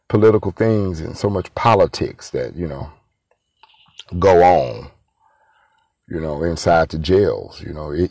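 A man's voice: sits low, dry recording. A man telling a personal story in a loose, rambling way, full of street slang. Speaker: former inmate telling his story.

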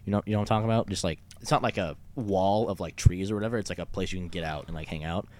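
Fast-talking young man rambling a story. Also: deep voice, a little mellow. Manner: rambling, many fillers and profanity. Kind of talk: casual chat.

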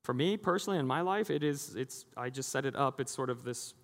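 A man's voice: medium pitch, animated, brisk. A middle-aged man preaching a sermon as pastor, conversational and jokey, acting out the voices he quotes. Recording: long hall reverb.

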